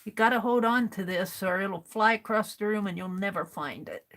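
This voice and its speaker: A woman's voice: mid-range voice, normal speed, fairly bright tone. An American woman hosting a craft livestream, chatting casually and muttering to herself as she sorts through supplies.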